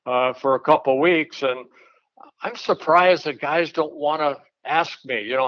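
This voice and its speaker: A man, a former pitcher, telling blunt, folksy anecdotes in a casual chat, with an occasional chuckle. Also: measured pace, no echo. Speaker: retired pitcher, guest storyteller. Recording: dull, lo-fi dry sound.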